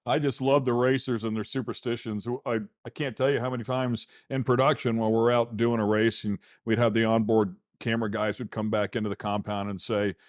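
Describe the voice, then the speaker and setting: A male co-host with a mid-pitched voice, recorded close and dry in a studio. He tells stories with a joking edge and laughs easily as he chats. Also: flat delivery, fairly quick, hardly any pauses, dry recording. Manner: jokey storyteller, laughs often. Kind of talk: casual talk show chat.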